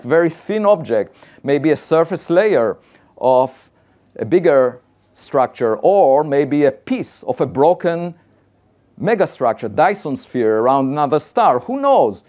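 A man's voice: a little high, darkish tone. A man, an astrophysicist, giving a conversational public science talk and building his arguments point by point in a plain-spoken, insistent way.

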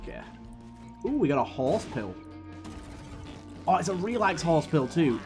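A man's voice: a little high, very animated, a little slow, darkish tone, faint music behind. A man giving casual, rambling commentary while playing a video game, hiccuping now and then. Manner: chatty, rambling, frequent fillers and restarts. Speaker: gaming YouTuber.

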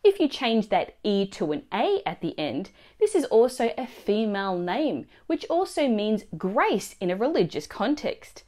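Woman teacher, lively up and down voice, walks thru pronunciation slow and clear. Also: mid-range voice. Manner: clear, explains pronunciation slowly. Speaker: Italian teacher. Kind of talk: language lesson narration.

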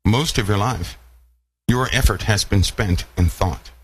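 A man delivers a sermon in a low voice, pressing his listeners with question after question and saying key phrases again and again. Faint noise sits under the recording. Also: measured pace. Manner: rhetorical questions to the congregation, repeating phrases. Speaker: preacher.

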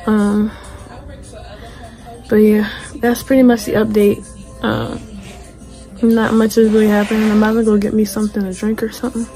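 A young woman vlogging at home after surgery, tired and sore-throated, talking quietly and with effort. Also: mid-range voice, flat delivery, moderate pace, long pauses, soft background music. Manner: quiet, weary, talks with effort. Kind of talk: casual phone vlog. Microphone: phone camera.

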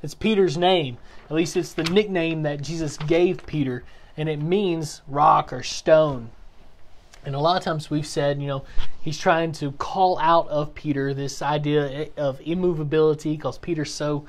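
A man teaching a Bible class in a relaxed, explanatory way, with plenty of fillers and restarts. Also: a little high, unhurried. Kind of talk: casual teaching talk. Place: church classroom.

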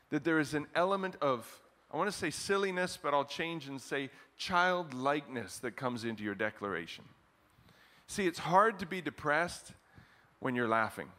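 Bright-voiced preaching pastor. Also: male voice, on the high side. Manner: animated preaching, chuckles often, voice jumps up for emphasis; chants a scripture refrain slowly, leading the congregation. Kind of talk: sermon. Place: church service in front of a congregation.

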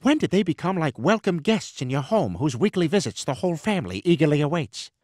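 An excitable cartoon pitchman. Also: fairly quick, dry recording, clean studio sound. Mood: pitching. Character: eager adult male would-be TV writer, excitable.

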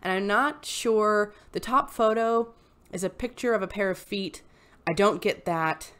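A woman hosting a casual commentary vlog, reading posts aloud and reacting with animated, exasperated ranting. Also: mid-range voice, unhurried. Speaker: YouTube host reading posts.

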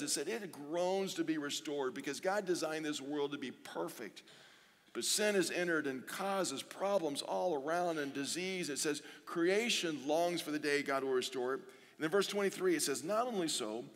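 Earnest male pastor in a reverberant hall. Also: a little high. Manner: earnest, reads scripture slowly, repeats pleading phrases. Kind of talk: sermon. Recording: long reverb of a large hall.

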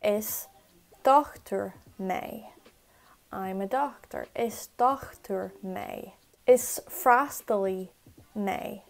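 A woman tutor teaching phrases in a casual spoken lesson, explaining quickly in a chatty way and repeating examples slowly. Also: mid-range voice, creaky. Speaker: Irish language tutor.

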